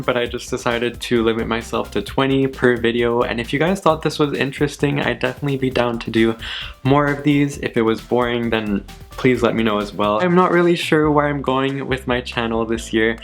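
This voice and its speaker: A young man chatting casually on his channel, laughing often at himself and repeating words slowly to practice saying them. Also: mid-range voice, soft background music. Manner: giggly, self-deprecating, repeats words slowly. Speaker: YouTuber. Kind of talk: casual vlog, word list.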